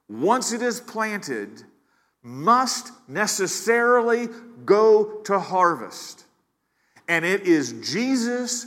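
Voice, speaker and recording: Delivering a sermon in a long, reverberant hall, this pastor speaks in a high-pitched, slightly bright voice. He is earnest and keeps repeating words as he drives his points home.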